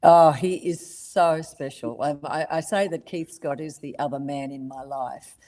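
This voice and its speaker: Older Australian woman with a low voice. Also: moderate pace. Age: 70s. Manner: lively storyteller, laughs often. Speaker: voice actress guest. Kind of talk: casual interview chat.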